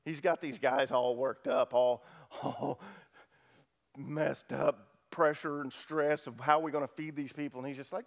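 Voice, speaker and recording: A man preaching a sermon, telling the story with lively asides and acting out the disciples' lines, swinging from loud to hushed. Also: medium pitch, measured pace, gravelly. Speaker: pastor.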